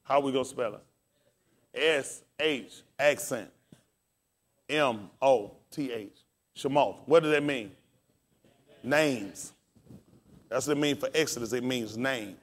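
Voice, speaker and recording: A pastor with a medium-pitched voice preaches and teaches scripture slowly, leaving long pauses. He calls out questions to the congregation and spells words aloud.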